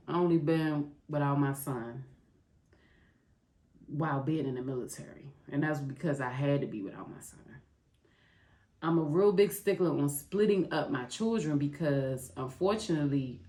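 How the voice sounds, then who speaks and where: A middle-aged woman hosting a podcast, talking to her listeners in a raw, heartfelt confessional way. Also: low voice. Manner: raw, heartfelt, speaks straight to listeners as "y'all". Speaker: podcast host. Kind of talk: candid confessional monologue. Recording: roomy echo.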